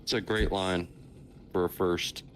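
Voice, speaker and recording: A man co-commentating a drift competition, relaxed and encouraging, dropping quick casual asides. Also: sits low, slight background noise. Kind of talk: casual chat between commentators.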